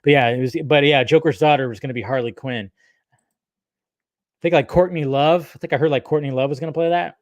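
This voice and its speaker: Guy rambling and swearing while reading live chat, kinda high voice, dead dry mic. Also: steady tone, a little fast, no room sound, muffled recording. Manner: profane, rambling, chatty. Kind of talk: casual livestream chat.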